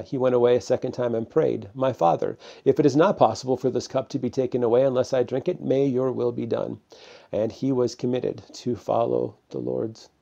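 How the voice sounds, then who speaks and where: Male pastor, gravelly and mellow, chatty sermon to camera with fillers, lo-fi sound. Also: medium pitch. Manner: plain conversational preaching with many fillers. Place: preaching to a camera.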